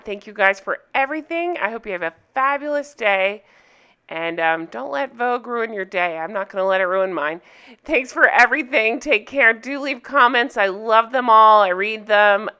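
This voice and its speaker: A woman's voice: on the high side, sharp tone, clean tone. A woman hosting a casual commentary vlog, ranting bluntly and swearing freely, with a sarcastic edge. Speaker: YouTube commentary host.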